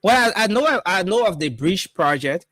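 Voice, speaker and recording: A man's voice: sits high, big pitch swings, normal speed, a bit bright, no room sound. A man co-hosting a casual political talk show, answering hesitantly with fillers.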